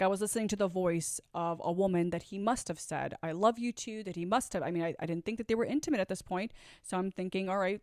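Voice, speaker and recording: A woman with a deep voice tells a personal story, candid and reflective, acting out what people said. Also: a little mellow, dry recording, studio quality. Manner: candid, reflective, acts out quoted dialogue. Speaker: vlogger telling her own story. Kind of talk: storytime vlog.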